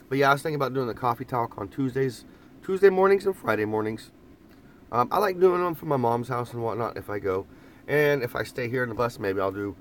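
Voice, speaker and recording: This vlogger chats easily with viewers from inside a parked camper van, reading the live chat, laughing plenty, and circling back to the same phrases as he rambles. His voice is lowish and a bit bright, over a light background hum.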